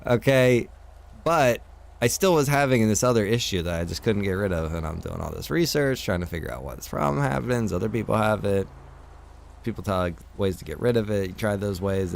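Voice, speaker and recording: Low-voiced man venting to his stream. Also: lively intonation, fairly quick, creaky. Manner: venting, swears a lot, frustrated storytelling. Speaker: streamer and server owner. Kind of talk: casual chat to stream viewers.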